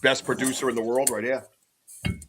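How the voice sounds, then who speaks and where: Male podcast host, mid-range voice, excitable and rambling, home studio. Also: medium pitch, brisk, a little hiss or hum. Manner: excitable, rambling, shout-outs to chat. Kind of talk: casual livestream chat.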